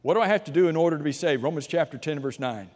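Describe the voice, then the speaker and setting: A man preaching a sermon, swinging from loud, rising emphasis to hushed, low asides and answering his own rhetorical questions. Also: expressive, very fast, in a large hall.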